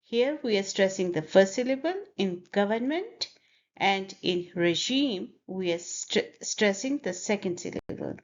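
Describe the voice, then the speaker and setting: Woman teacher going slow n careful on pronunciation, bit muffled lo-fi audio. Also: mid-range voice, lively intonation. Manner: over-articulates words, repeating them for learners. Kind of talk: slow, deliberate pronunciation lesson.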